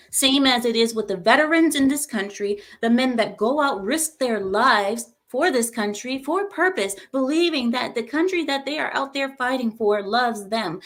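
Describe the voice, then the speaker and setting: A woman's voice: high-pitched, fairly bright tone. A woman hosting a reaction commentary, ranting in a heated, emphatic way and repeating herself. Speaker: commentary channel host.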